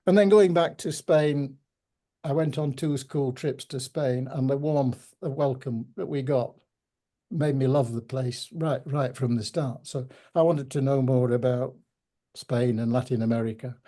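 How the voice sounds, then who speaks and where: An older man with a Yorkshire accent, telling stories in a measured, reflective way with gentle humour during an interview. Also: medium pitch. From Yorkshire, England. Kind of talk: reminiscing conversation.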